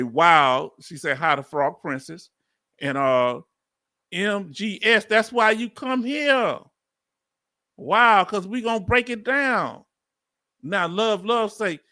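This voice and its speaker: A man's voice: high-pitched, dry recording, studio quality. A middle-aged man from Houston with a Southern accent, commenting casually on a livestream and calling out to his viewers. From Houston, Texas. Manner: animated preacher-like call and response. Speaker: veteran YouTube host.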